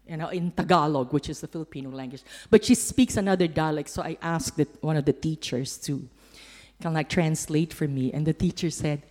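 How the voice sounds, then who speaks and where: Woman sharing a mission story at church, kinda low voice, gets emotional, long hall echo. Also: normal speed, a little mellow. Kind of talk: church testimony with slides.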